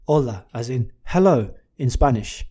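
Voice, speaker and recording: A man's voice: medium pitch, animated, normal speed, mellow, slightly rough. A man co-hosting a casual car chat, telling stories with mock-dramatic build-ups and plenty of swearing. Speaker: car podcast co-host.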